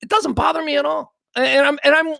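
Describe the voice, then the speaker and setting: Host, high gravelly voice, rambling wry livestream chatter. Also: male voice, quick pace, no echo. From south side of Chicago. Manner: rambling, wry, animated asides. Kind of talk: casual livestream chat.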